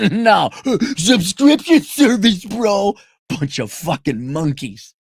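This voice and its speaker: A man's voice: sits high, big pitch swings, slow pace, gravelly, husky. A man hosting a show, delivering a profane, sarcastic ranting monologue. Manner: sarcastic, swears a lot. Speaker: podcast host.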